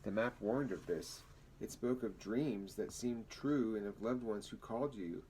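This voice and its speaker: An earnest young woman weaver, as a man reads her lines from a storybook, speaking quickly and urgently. The voice stays low. She warns the others. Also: dark tone, a little hiss or hum, low-quality recording.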